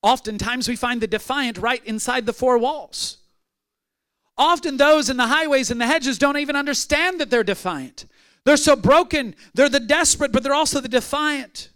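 Man, pastor, sermon; high, emphatic, dry close sound. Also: normal speed, a bit bright, clear, resonant tone, no room sound. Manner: emphatic, builds through repeated phrases.

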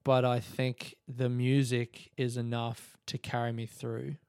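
A man's voice: mid-range voice, level tone, unhurried, darkish tone, clear, resonant tone, no echo, studio quality. A man hosting a podcast, telling a story in a casual monologue, swearing a lot and laughing as he talks. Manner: swearing, storytelling, quotes others in voices; laughs through his stories. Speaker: podcast host.

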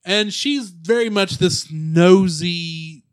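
A man with a somewhat high voice talks through a movie plot in a loose, joking way, tossing in asides as he goes. The sound is close and dry, with no room around it. He comes across as a podcast co-host chatting with a friend. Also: slow, clear, resonant tone, no room sound. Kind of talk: casual movie recap chat.

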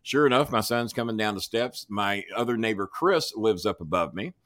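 With a lowish, fairly bright voice at a moderate pace, a man narrates a lengthy tale as a podcast guest, full of profanity and different voices for every character. The studio-quality recording has no room sound.

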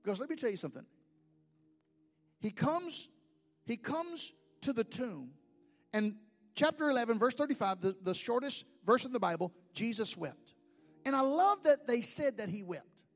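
A pastor delivers a sermon in a high, ringing voice, rising to shouts and dropping to near whispers. His words roll through a large church with a long echo, and faint music plays beneath. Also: very animated, normal speed, long pauses. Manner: dramatic preacher, swinging from shouts to hushed whispers. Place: church sanctuary.

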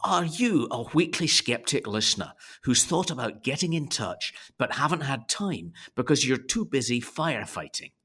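A man's voice: sing-song, moderate pace, bright, forceful tone, husky, exaggerated voice. A man putting on a Scottish accent as a business coach reading a salesy advert. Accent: Scottish, put on. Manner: salesy, earnest pitch.

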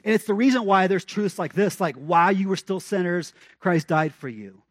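A pastor preaching a conversational sermon, with emphatic repeated refrains and rhetorical questions. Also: male voice, high voice, lively intonation, moderate pace, dry recording.

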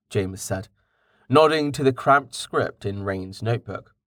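A man narrating an audiobook in a measured, even reading. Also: lowish voice, no echo, clean studio sound.

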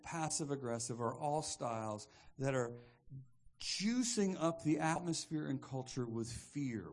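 A male pastor delivers a sermon with a lively, swinging delivery. His pitch climbs and falls expressively. He often restarts phrases and repeats words mid-thought.

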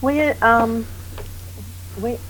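A woman's voice: on the high side, steady tone, drawn-out words, slight background noise, poor audio. A woman chatting on a video call, answering teasing with wry, mock-offended comebacks. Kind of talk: casual chat on a video call.

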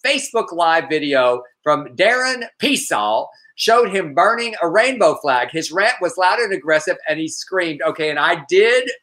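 A man's voice: a little high, lively intonation, moderate pace, few pauses, fairly bright tone. A man co-hosting a podcast, chatting and reading news in a campy, joking way with a lilt. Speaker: podcast co-host. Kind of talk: casual chat, news banter.

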